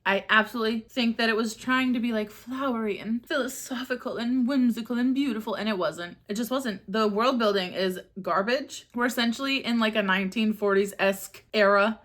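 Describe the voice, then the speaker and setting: A woman's voice: fairly high pitch, a little fast, few pauses, a bit bright. Young woman ranting about books she hated, sarcastic, swears a lot, keeps laughing. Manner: sarcastic, exasperated, swears freely, laughs often. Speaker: book reviewer. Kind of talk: casual ranting book review vlog.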